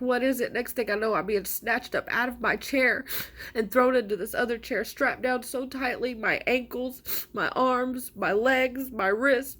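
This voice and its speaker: A mother recounts her own experience in a fast, emphatic, indignant way. Her woman's voice sits a little high and presses every point with frustration. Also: fairly bright tone, breathy edge. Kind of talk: personal account to camera.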